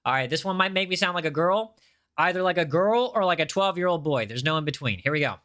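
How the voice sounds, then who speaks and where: Male game streamer, casual, talks to chat, bright forward tone, on a desk mic. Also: on the high side, expressive, fast, clean tone. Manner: chatty, reads chat aloud, repeats himself. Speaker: game livestreamer.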